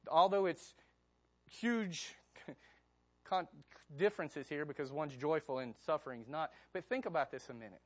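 Male pastor, slightly high, animated, chatty sermon delivery. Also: normal speed, long pauses. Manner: conversational, animated, asks the congregation questions.

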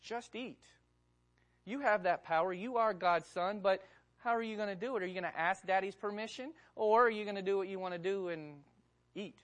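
A woman's voice: medium pitch, moderate pace, close to an everyday voice. A sly, tempting devil pressing his case in short, insistent urgings, as a woman preacher puts him on. The voice sits mid-range for a woman and keeps coaxing, line after line, in the telling of a sermon.

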